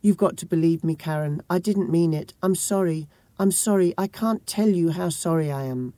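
Brief: woman reader doing a violent young husband, swings from yelling rage to weepy pleading, mellow dry read. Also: fairly low pitch, moderate pace, no room sound, lightly acted. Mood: tearful pleading. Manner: harsh yelling then tearful pleading. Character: volatile abusive young husband, raging then weeping.

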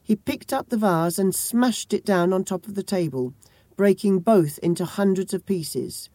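Woman, first-person audiobook narration, grave, measured, mellow, dry. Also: medium pitch, no room sound.

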